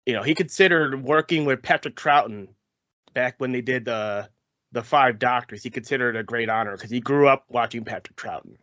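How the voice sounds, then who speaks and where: A man's voice: medium pitch, brisk, a bit bright, dry recording. A man co-hosting a podcast, filling in background in a matter-of-fact way. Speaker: podcast co-host. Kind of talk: casual podcast chat. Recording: dull lo-fi podcast mic.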